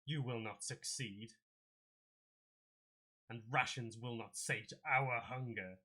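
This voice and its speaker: Man doing a bellowing, slow-talking monster manticore, bright and forceful, hungry and threatening. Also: medium pitch. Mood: menacing.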